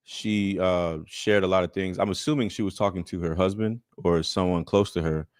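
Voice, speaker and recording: Deep-voiced man giving business advice. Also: fairly even intonation, moderate pace, no room sound, clean studio sound. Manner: earnest, explanatory, repeats points. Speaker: accountant and business coach reacting. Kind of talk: reaction commentary, advice.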